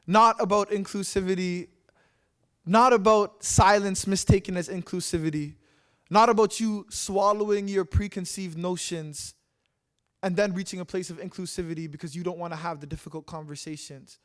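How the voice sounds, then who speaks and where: A man's voice: high-pitched, steady tone, normal speed. A young man from Canada giving an earnest, impassioned spoken-word talk on a stage, with rhythmic repeated lines. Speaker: speaker at a public talk. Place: live stage talk in a city hall.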